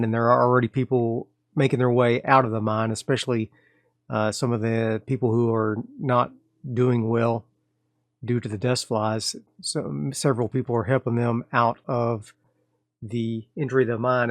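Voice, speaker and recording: A man hosting and narrating a solo tabletop horror game, telling the story in a loose, relaxed way with fillers and restarts. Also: mid-range voice, no room sound, studio quality. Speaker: game master and host of solo tabletop play.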